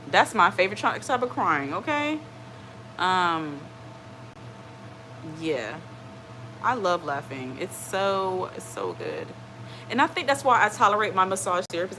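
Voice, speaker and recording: Chatty woman hosting a live stream, lowish voice. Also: sharp tone, slight background noise, low-quality recording. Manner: rambling and chatty, reads out viewer comments; reassuring, keeps asking "okay?". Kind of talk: casual live-stream chat.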